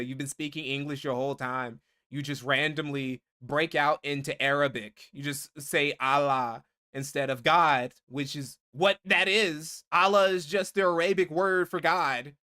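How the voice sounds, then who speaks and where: A man's voice: on the high side, sharp tone. Profane ranting streamer man. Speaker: streamer reading donations. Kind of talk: casual livestream commentary.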